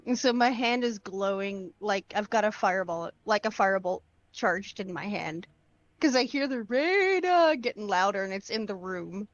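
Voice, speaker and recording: A woman's voice: mid-range voice, normal speed, dry recording. A woman playing a tabletop game, describing her character's actions with animation. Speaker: player. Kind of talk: casual tabletop play. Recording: dull, muffled mic.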